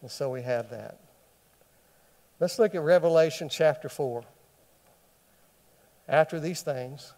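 A man's voice: a little high, measured pace, long pauses, a little mellow. Man teaching scripture in a reverberant hall. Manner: asks the listeners questions and answers them himself. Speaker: bible teacher. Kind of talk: bible study sermon.

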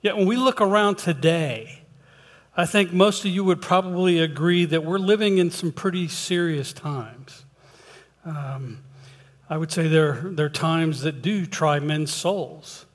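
A man's voice: fairly high pitch, a little slow. A man preaching in a church, telling a folksy joke and then leading a prayer with hesitant restarts. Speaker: lay preacher. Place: church sanctuary. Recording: long hall reverb.

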